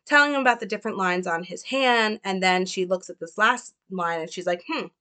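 This young film commentator talks a little fast, her mid-range voice pushed and bright. She analyzes a film casually, chatty and hedging, with plenty of fillers.

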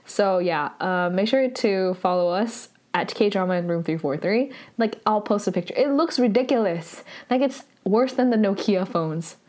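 A woman's voice: medium pitch, lively intonation, moderate pace, hardly any pauses, a little mellow. Woman podcast host, casual recap chat, filler-heavy, chatty.

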